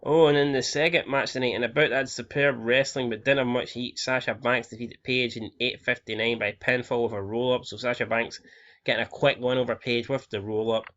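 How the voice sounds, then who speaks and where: A young man from Scotland talks through his game in a loose, profane way, reading out scores and ratings as he goes. His pitch sits in an ordinary middle range. The recording sounds slightly muffled and lo-fi. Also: steady tone, brisk, fairly bright tone. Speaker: game commentator. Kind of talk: casual let's-play commentary.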